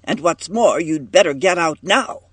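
A gruff neighbor blusters in a husky voice, as a man puts him on. The sound is close and dry, in a storybook reading. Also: on the high side, lively intonation, normal speed, fairly bright tone, no room sound. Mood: furious.

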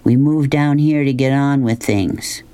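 A man voicing a shy, guarded young boy who speaks quietly and reluctantly. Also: medium pitch, fairly even intonation, unhurried, smooth, voice pushed up, close to an everyday voice. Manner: quiet, reluctant, plain-spoken.

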